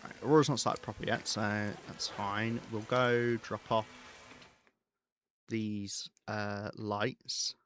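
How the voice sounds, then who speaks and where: Male game streamer, lowish bright voice, rambles and thinks aloud on a live stream. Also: flat delivery, slow pace, slight background noise. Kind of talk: live gameplay commentary.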